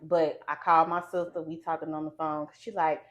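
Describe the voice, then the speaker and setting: A woman podcast host telling an animated personal story in casual chat. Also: sits low, a little fast. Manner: animated storyteller, lively quoted voices. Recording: slightly dull lo-fi sound.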